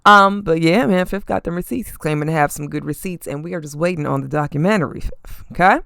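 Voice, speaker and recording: A woman hosting a podcast, giving sassy, animated celebrity gossip commentary and often tossing in "okay?" asides. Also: sits low, quick pace, creaky, dry recording, clean studio sound. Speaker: podcast host.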